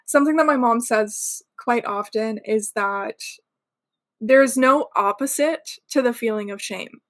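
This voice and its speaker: A woman with a fairly high voice speaks at a measured pace as she hosts a casual podcast interview. Warm and agreeable, she affirms her guest while steering the questions.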